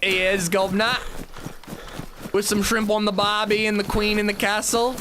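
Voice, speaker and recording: A man putting on a jokey, muddled British-Australian bloke accent over loud game ambience. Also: high voice, flat delivery, normal speed, background noise, voice pushed up, close to an everyday voice. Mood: playful. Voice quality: over-the-top mixed accent.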